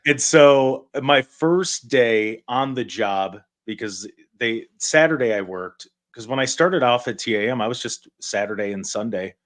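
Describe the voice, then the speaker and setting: A man on a video call telling rambling, animated stories about his radio days as a guest. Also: medium pitch, a little slow, few pauses. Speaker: guest, former radio staffer. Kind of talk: casual storytelling.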